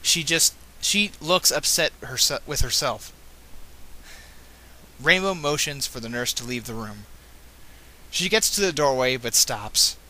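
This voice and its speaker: A man's voice: mid-range voice, animated, unhurried, pauses often, bright, forceful tone. A man reading fan fiction aloud, breaking off with casual, self-correcting asides. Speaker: reader.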